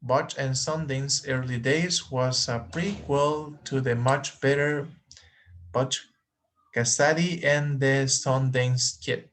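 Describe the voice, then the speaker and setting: A man leads an online English lesson at an unhurried pace. His voice sits at an everyday middle pitch, and he patiently repeats words so the students can follow. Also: fairly even intonation, a bit bright. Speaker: English teacher. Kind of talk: online class instruction.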